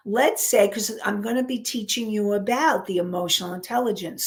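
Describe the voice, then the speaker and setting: A counselor and life coach teaches an online class in a creaky, medium-pitched voice. Unhurried, she works through an example, often repeating and restarting her phrases.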